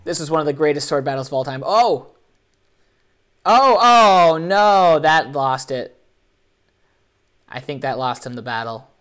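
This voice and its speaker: Animated joking man hosting a live show. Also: mid-range voice, a little fast, long pauses. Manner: animated, joking, playfully sarcastic. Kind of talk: live commentary on competition videos.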